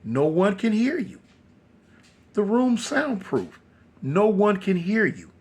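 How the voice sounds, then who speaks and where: A man voicing a creepy woman captor who speaks coldly and quietly. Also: high-pitched, slow, husky, exaggerated voice. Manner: cold, calm, quiet.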